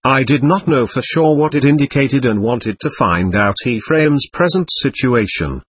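A man's voice: medium pitch, animated, normal speed, slightly rough, no echo. A man narrating an audiobook in an earnest storytelling manner, reading the dialogue aloud as well.

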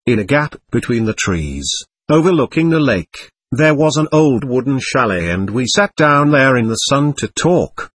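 A man narrates a memoir in the first person, husky and soft-edged. His delivery is gentle and measured, with a lively lilt in pitch. The sound is close and dry, with no room around it. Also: no echo. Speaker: audiobook narrator.

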